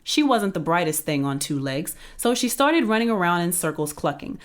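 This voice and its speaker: A woman's voice: fairly low pitch, expressive, moderate pace, few pauses. Playful woman reading a storybook aloud. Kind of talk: reading a children's book aloud.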